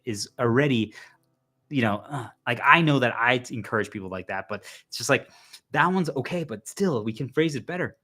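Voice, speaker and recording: A man talking casually to the camera in a rambling, animated way, now and then bursting into loud exclamations. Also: medium pitch, moderate pace. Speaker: video host. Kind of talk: casual monologue.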